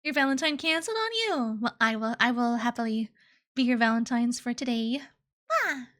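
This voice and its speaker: A young woman streamer chatting playfully with her live chat, giggly and cutesy. Her voice sits high and sounds bright and sharp. She drifts into baby talk and reads messages aloud between laughs. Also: expressive, normal speed. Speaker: VTuber streamer.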